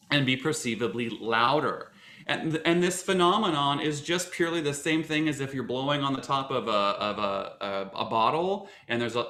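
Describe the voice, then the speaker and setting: A man lectures on voice teaching in a bright, forward voice, circling back on himself with fillers and restarts as he explains. The room around him is echoey. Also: mid-range voice.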